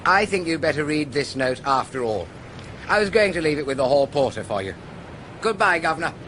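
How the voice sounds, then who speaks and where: A flustered young aristocrat in a radio play, gushing in upper-class English slang. His voice jumps high and skitters around. A faint noise sits beneath. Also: sing-song, a little fast, a bit bright. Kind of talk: radio drama acting.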